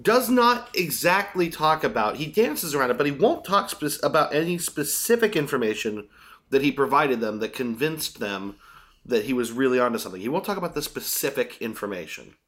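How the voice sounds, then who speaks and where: A man's voice: mid-range voice, big pitch swings, brisk, fairly bright tone. A man co-hosting a casual podcast chat, explaining things in detail and getting mildly exasperated. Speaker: podcast co-host.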